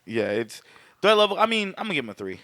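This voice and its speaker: A man's voice: high-pitched, big pitch swings, fast, bright, forceful tone, dry recording, clean studio sound. A man co-hosting a podcast, reviewing a film in casual, profane, rambling chat. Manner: profane, rambling, laid-back. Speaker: podcast co-host.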